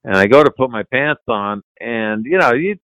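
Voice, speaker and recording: A man's voice: mid-range voice, expressive, normal speed, fairly bright tone, dry recording, poor audio. An older man, a retired hockey player, casually telling a story as a podcast guest, laughing and swearing now and then.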